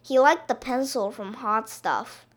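Slow, expressive woman reading a storybook. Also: a little high. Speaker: picture-book reader.

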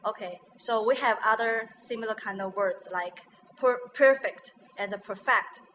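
Woman, Chinese accent, native Chinese speaker, pronunciation teacher, bright tense voice, repeats and checks words. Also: a little high, unhurried, slight background noise, poor audio. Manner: repeats words after the guest and checks them. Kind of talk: bilingual pronunciation lesson.

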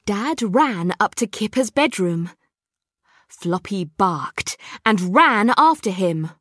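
A woman's voice: mid-range voice, dry recording, studio quality. A woman English teacher, Chinese her first language, reading a picture book aloud to children. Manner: slow, expressive reading. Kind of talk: storybook read-aloud for children.

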